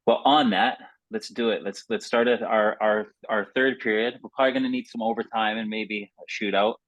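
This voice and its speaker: A man's voice: lowish voice, steady tone, brisk, a bit bright, no echo. A man hosting an interview podcast, easygoing and supportive, leaning on playful sports metaphors in casual chat. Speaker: podcast host. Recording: dry, dull lo-fi sound.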